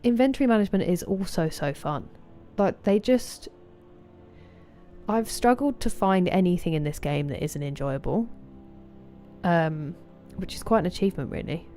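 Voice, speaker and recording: A woman's voice: lowish voice, normal speed, mellow, soft background music. A woman from southeast England with a southeast English accent, chatting casually with live viewers while streaming a game and greeting them by name.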